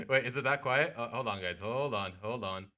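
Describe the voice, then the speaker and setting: A man's voice: medium pitch, sharp tone. A man streamer in casual livestream chat, rambling and often restarting with "you know what".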